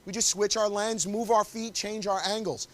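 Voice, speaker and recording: Male photographer-instructor, high-pitched, encouraging, keeps directing poses on a body mic. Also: fairly even intonation, moderate pace. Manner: upbeat, coaxing, directs the couple constantly. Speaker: wedding photographer teaching. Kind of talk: live posing demonstration. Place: confined indoor shooting space.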